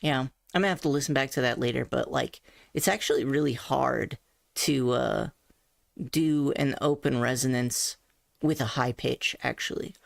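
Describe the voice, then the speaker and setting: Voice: medium pitch, normal speed, creaky, dry recording, clean studio sound. A vlogger talking through voice training practice in a thoughtful, self-critical way, explaining each step. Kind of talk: casual voice training vlog.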